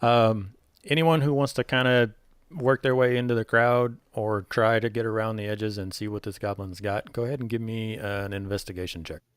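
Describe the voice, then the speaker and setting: A man's voice: fairly low pitch, fairly even intonation, moderate pace, clear, resonant tone, no room sound, clean studio sound. A man narrating as game master in a loose, casual way. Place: home setup, online call.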